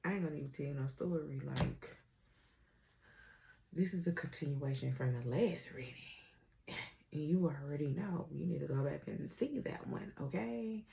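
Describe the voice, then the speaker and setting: Woman tarot reader, casual and slangy, warm and gravelly tone, laughs easily. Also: low voice, normal speed. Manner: slangy and playful, laughs often; talks straight to the viewer.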